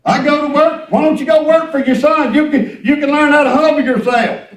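A man's voice: very high voice, steady tone, brisk. A middle-aged man preaching a folksy, emphatic sermon and repeating himself for effect. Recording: echoey room, from a distance.

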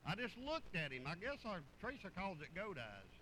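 High, bright-voiced preacher man. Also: wildly swooping pitch, fairly quick, slight background noise, rough recording. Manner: folksy, rambling preaching with repeated words. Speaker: pastor. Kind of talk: sermon.

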